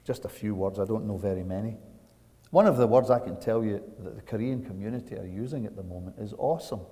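A man from Britain preaching a sermon, swinging from hushed asides to loud, dramatic emphasis and checking in with the congregation. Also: fairly low pitch, quick pace. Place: church sanctuary. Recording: long church reverb.

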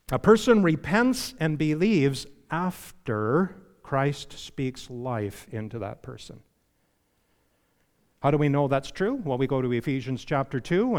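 A man preaching a sermon with a fairly high voice, emphatic and questioning his listeners. He slows down when reading scripture. Long reverb from the church hall trails behind every phrase. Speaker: pastor.

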